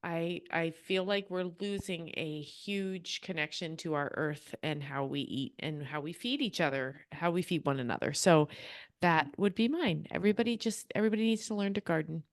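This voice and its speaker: Brief: woman co-host, middle-aged, lower pitch, dry close-mic sound. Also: normal speed, no room sound. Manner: animated, laughs between stories. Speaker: podcast co-host. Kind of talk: casual podcast conversation.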